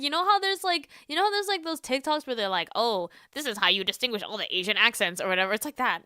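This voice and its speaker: A woman streamer chatting casually on a livestream, giggly and animated, full of "like" fillers. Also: a little high, fast talker, few pauses, smooth, no echo, studio quality.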